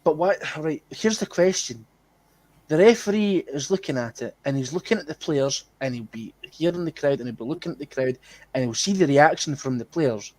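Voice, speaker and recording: A man's voice: a little high, expressive, moderate pace, a little mellow, no room sound. A Scottish man co-hosting a football fan podcast, swearing indignantly and laughing in disbelief. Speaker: podcast co-host. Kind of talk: heated fan podcast discussion.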